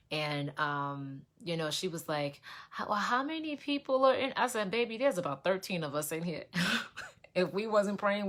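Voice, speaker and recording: A woman's voice: low-pitched, fairly bright tone. A woman hosting an online prayer stream, sharing a testimony in casual, emotional talk, repeating herself and speaking straight to her viewers. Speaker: host of an online prayer livestream. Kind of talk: casual testimony to a live audience.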